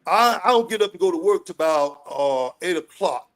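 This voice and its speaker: A man from the United States giving a fiery, profane rant in a street interview, often shouting. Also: high-pitched, lively intonation, fairly quick.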